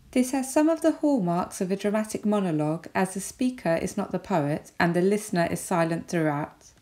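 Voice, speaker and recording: A woman with an English accent, giving a recorded lesson as a teacher with clear, measured explanations. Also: on the low side, a little mellow.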